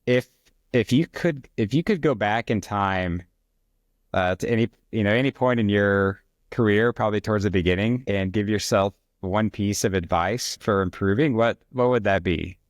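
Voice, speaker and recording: A man hosting a casual interview, asking questions in a relaxed, conversational way. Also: fairly low pitch, normal speed, no room sound, clean studio sound. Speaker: podcast host.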